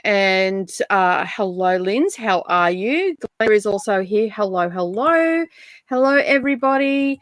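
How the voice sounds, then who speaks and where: A woman's voice: mid-range voice, animated, unhurried, dry recording, studio quality. A woman hosting a casual reading livestream, chatty, greeting viewers and laughing often. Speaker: livestream host.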